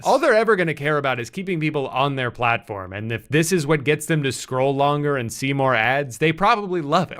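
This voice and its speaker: A man's voice: medium pitch, sharp tone. A man hosting a scripted comedic commentary, sarcastic and exasperated. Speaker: online commentary host.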